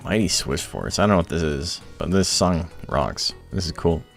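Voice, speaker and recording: A man's voice: low-pitched, expressive, moderate pace, vocal fry, a bit bright. A young man streaming a game, chatting casually in loose, profane, joking rants. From Ontario, Canada. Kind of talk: casual chat while gaming. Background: faint game music.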